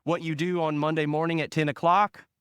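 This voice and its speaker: A man preaching a sermon as pastor, leaning hard on single words and letting phrase ends fall soft and low. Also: flat delivery, clear, resonant tone, dry recording, clean studio sound. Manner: slow, emphatic stress on single words.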